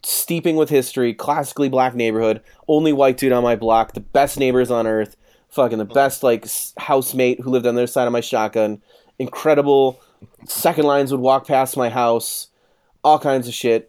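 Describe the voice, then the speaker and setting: A man's voice: medium pitch, moderate pace, clear, resonant tone. A man in his thirties telling a rowdy story in casual chat, swearing freely and acting out what others said. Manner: profane, animated storyteller acting out quotes.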